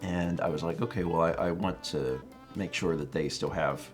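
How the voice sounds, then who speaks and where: A man co-hosting a live stream, chatting casually and reading out viewer messages in an animated, playful way. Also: sits low, normal speed, soft background music. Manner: animated, playful, puts on silly voices when quoting. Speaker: co-host of a live stream show.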